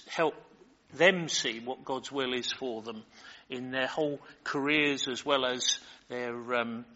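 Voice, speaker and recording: Forceful and bright in the mid-range, an elderly Briton delivers a Bible reading and sermon in a large hall. After the scripture he wanders off into filler-heavy, digressive talk, and the recording is muffled and lo-fi.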